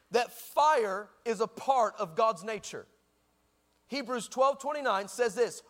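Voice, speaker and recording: A man's voice: sits high, big-room sound. A man with a Texan accent preaching a sermon, telling a comic story and often asking the congregation if they are with him. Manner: animated, shouting at punchlines, conversational asides to the congregation. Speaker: pastor.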